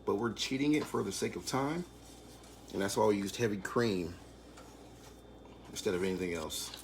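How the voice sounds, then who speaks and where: A man leading a live online cooking class, calmly explaining each step. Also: fairly low pitch, moderate pace, vocal fry, slight background noise. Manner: calm step-by-step instruction.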